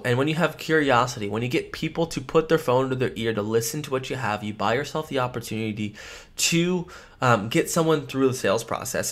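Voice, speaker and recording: A man's voice: medium pitch, a bit bright. A man teaching life insurance phone sales in a training lesson, emphatic and repeating his key points.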